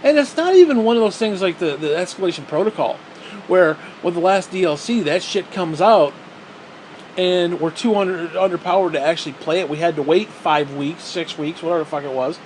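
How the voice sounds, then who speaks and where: A man's voice: high-pitched, a little fast, darkish tone, slight background noise. A man angrily ranting about a video game in a profane, sarcastic, frustrated way. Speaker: gaming vlogger.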